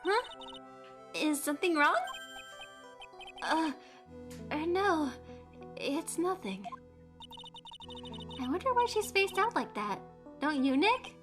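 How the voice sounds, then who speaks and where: A woman voicing an excitable, playful young woman sidekick from a game, reading the lines aloud with bright eagerness. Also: high voice, takes it slowly, pauses often, voice pushed up, full character voice. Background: game music.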